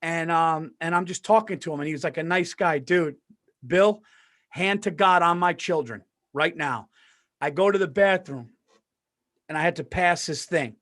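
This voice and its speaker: High-voiced, animated storytelling man. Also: normal speed. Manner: animated, profane, swearing oaths, acting out voices. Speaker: podcast co-host. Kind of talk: casual storytelling.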